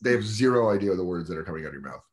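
A man in his thirties, a comedian telling stories in a casual podcast chat, animated, acting out voices as he talks. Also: low-pitched, very fast. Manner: animated storytelling, mimics voices in quotes. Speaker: comedian guest.

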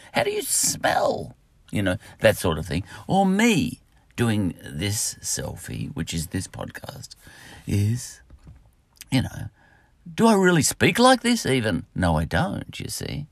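A man's voice: on the low side, gravelly, breathy edge, dry recording. A man with an Australian accent, rambling through a solo podcast monologue, full of fillers and asides. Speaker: podcast host.

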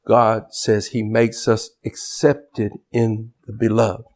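A man preaching a sermon as pastor, swinging from loud shouted emphasis to quiet, low asides. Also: little pitch movement, slow.

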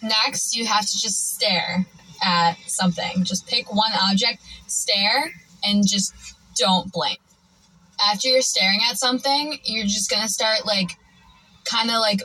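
Bright-voiced woman giving chatty tips. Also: mid-range voice, poor audio. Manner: chatty, lots of filler "like". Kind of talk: casual how-to video.

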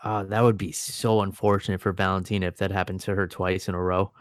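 A man's voice: low voice, level tone, fast talker, no room sound, clean studio sound. A man co-hosting a casual mixed martial arts chat, previewing upcoming fights with enthusiasm and the odd swear word. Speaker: MMA podcast co-host.

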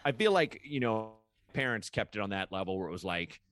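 A man's voice: fairly low pitch, animated, brisk, a bit bright. A young man chatting casually as a podcast guest, rambling with lots of filler words and acting out quoted people. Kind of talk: casual chat.

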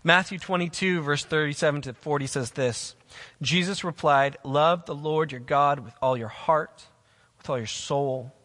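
Preaching to the camera from a church for people watching online, this pastor leans hard on his words and circles back to the same key lines. The voice is a touch high and somewhat bright, at an ordinary pace. A long hall reverb surrounds him.

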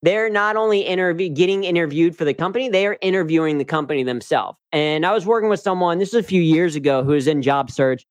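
Male guest, chatty and upbeat, slightly high voice, dry close recording. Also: animated, fast talker, hardly any pauses, no echo. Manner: upbeat, chatty, frequent "right?" asides. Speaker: guest, humor coach and speaker. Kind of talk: casual interview talk.

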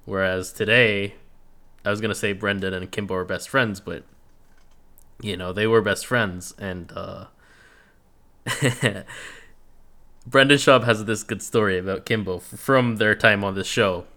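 A man co-hosting a casual review podcast, telling stories in a relaxed way and laughing often. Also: fairly low pitch, a little slow, pauses often. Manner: laid-back storytelling, acts out quotes, laughs often. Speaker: podcast co-host reviewing a reality show. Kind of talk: casual chat.

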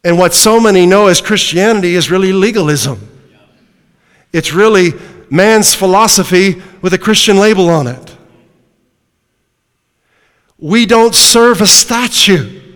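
A male preacher with a high-pitched voice delivers an emphatic sermon, pressing points home and asking the congregation questions. His voice rings out with a long reverb, as if from a church sanctuary. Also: a bit bright.

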